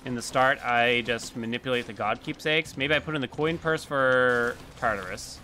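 A man's voice: mid-range voice, normal speed, sharp tone, a little hiss or hum. A man streaming a game, chatting casually and reacting aloud as he plays. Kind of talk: casual gameplay commentary.

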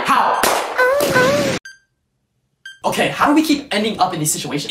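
A woman performing a comedy sketch in which she plays every character, bickering back and forth and often shouting. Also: medium pitch, big pitch swings, moderate pace, pauses often. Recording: roomy echo from a distance with music behind.

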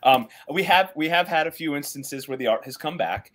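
Halting, animated man in casual talk. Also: a little high. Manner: halting, many restarts and fillers, animated bursts. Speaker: co-host of a comics writing podcast. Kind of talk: casual discussion.

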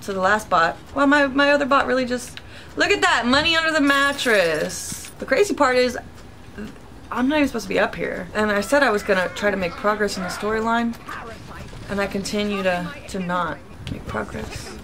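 A woman's voice: fairly high pitch, normal speed, sharp tone, a little hiss or hum. A young woman giving casual let's-play commentary, chatty and reactive, talking to her viewers with sudden yelps. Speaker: gaming YouTuber.

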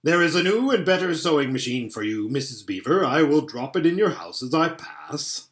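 A man voicing a booming Father Christmas. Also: sing-song, moderate pace, fairly bright tone, reverberant. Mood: generous. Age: older. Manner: proclaiming, commanding. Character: huge old Father Christmas, glad, solemn, grand.

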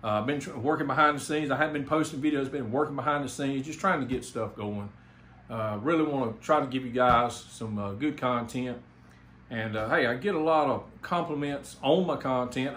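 A man's voice: medium pitch, moderate pace, fairly bright tone. A man from South Carolina with a Southern accent, rambling through a casual channel update. He sounds enthusiastic, and he pads his talk with fillers and false starts. The room gives his voice a noticeable echo, and there is a faint hiss of noise behind him. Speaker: home theater YouTuber.

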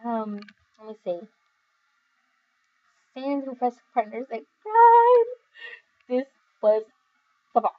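Young woman, higher voice, slow and tired, giggly casual comment-reading chat, muffled lo-fi audio. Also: big pitch swings. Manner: giggly, rambling, with many fillers. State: overly tired. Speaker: video creator reading comments.

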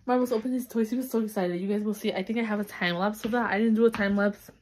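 A young woman talks brightly to a camera propped up at home, showing off gifts in an easy, chatty way. Her pitch sits mid-range and she gushes in quick little squeals at cute things. A faint hiss sits under the recording. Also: steady tone. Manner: chatty, upbeat, with fillers and little squeals of delight. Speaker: vlogger. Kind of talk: casual haul vlog chat. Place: home, indoors. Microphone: camera on a stand.

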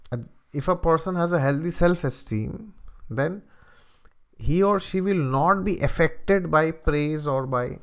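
A man giving a spiritual lecture, asking rhetorical questions, repeating words for emphasis and chanting Sanskrit verses. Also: on the high side. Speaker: spiritual teacher and astrologer.

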